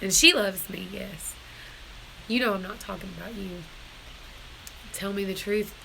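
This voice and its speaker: A woman's voice: medium pitch, measured pace, vocal fry, background noise. A woman on a casual live stream from her barn, emotional and tearful, rambling as she talks to her viewers. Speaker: homestead vlogger.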